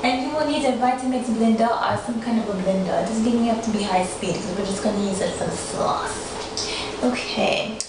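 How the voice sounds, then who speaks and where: Hosting a cooking demo at home, this woman talks fairly quickly in a fairly high voice, jokingly adopting a mixed accent and cracking herself up. The recording picks up background noise, with echo from the kitchen and a distant mic.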